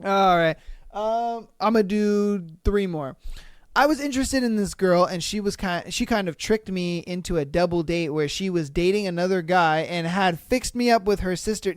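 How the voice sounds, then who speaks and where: Podcast host, male, clear smooth voice, dry close sound, blunt and profane story reactions. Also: high-pitched, normal speed, no room sound. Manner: blunt, profane, exasperated commentary. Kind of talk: reading and reacting to listener stories.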